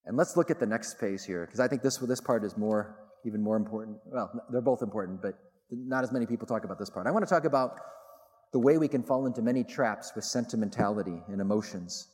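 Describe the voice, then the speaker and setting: A middle-aged man, a theologian, gives a public talk to a live audience, telling stories with animated delivery and emphatic repetition. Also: on the low side, fast. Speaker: theologian and speaker. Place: large hall with audience. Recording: long reverb in a large hall.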